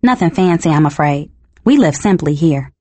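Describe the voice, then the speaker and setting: A woman's voice: low-pitched, animated, moderate pace, dark tone, no echo. A woman voicing an innocent, enthusiastic teenage girl in a storybook reading, speaking earnestly. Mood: eager.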